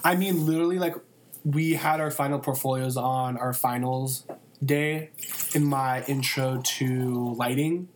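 A man's voice: medium pitch, fairly even intonation, unhurried. A young man, a college student, chatting casually and telling rambling stories with lots of fillers and crude jokes. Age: young adult. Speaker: college student and photography intern. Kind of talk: casual podcast chat.

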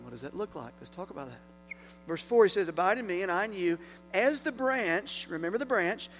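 High-voiced man preaching a sermon. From moved to Tennessee from Las Vegas. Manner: earnest preaching, swings from loud emphasis to hushed. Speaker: pastor. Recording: faint mains hum.

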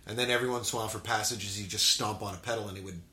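Lively low-voiced man, roomy echo. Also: very fast. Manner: animated storyteller, laughs often. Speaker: band member. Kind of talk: casual chat.

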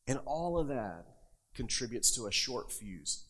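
A man preaching from the pulpit, building his points with emphatic, rising force as he reads and explains scripture. His voice sits in a middle register, neither high nor low. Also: big pitch swings, a little slow, a bit bright. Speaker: pastor. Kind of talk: sermon.

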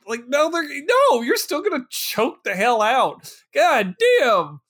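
High-voiced young man riffing and laughing. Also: a little slow, few pauses. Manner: animated, laughs often, swears, riffs on jokes. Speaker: podcast co-host. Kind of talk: casual film podcast banter.

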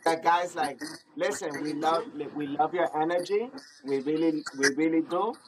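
Excitable man telling a wild story. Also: fairly high pitch, normal speed. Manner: excitable, laughing, acts out dialogue. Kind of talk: animated anecdote, quoting others. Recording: crowd noise behind.

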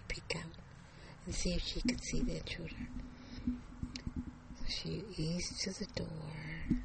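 A storyteller telling a suspense story slowly, dropping into whispers at tense moments. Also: medium pitch, steady tone, vocal fry, very noisy. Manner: slow, suspenseful narration with hushed whispers. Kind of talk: told story.

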